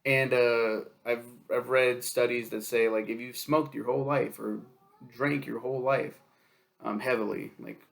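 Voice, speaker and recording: A young man telling a story in a casual vlog. His voice sits at an ordinary pitch but has a gravelly, creaky edge. He rambles, swears freely and laughs through his own stories. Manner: rambling, profane, laughs often. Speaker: book reviewer.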